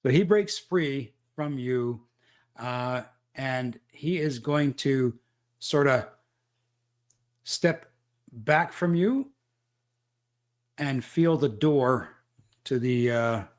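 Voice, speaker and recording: A man running a tabletop role-playing game as game master, describing the action with frequent pauses and fillers. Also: medium pitch. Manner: measured, thinking aloud with fillers.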